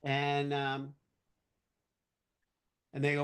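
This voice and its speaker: Male podcast guest, somewhat high pitch, animated storyteller who acts out voices in his anecdote. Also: normal speed, creaky. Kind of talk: casual anecdote-telling.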